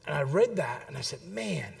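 A man's voice: fairly high pitch, moderate pace. A middle-aged man preaching a sermon, telling a family story and checking in with the congregation. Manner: storytelling, lively, addresses the congregation with "okay?". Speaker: pastor.

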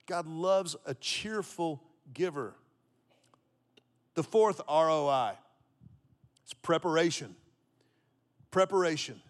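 Fifties male pastor from Texas, slightly high voice, storytelling sermon with repeated punchlines. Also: animated, takes it slowly, long pauses. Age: 50s. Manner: storytelling preacher, repeats key phrases for emphasis. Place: church auditorium with congregation.

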